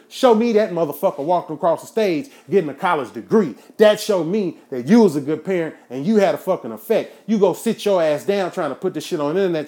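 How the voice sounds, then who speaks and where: A man with a somewhat high voice hosts a rant-style talk show. He swears constantly and preaches at his listeners. He builds to outright shouting when worked up. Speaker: podcast host. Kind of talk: profane ranting monologue.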